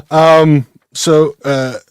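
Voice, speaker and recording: A man's voice: on the high side, animated, no room sound, clean studio sound. A man hosting a podcast in casual chat, full of fillers and restarts, often laughing. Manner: halting, many fillers and restarts. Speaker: podcast host.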